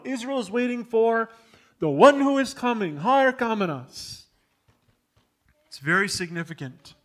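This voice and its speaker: A man preaching a sermon, building to loud emphatic peaks and dropping low for contrast. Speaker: pastor.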